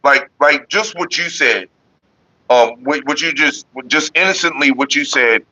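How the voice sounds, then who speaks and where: A man's voice: on the high side, measured pace, no room sound. Laid-back, profane man on a dull recording. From Northern California. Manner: laid-back, profane, talks about staying calm. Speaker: vlog host answering viewer comments. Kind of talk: casual rambling monologue.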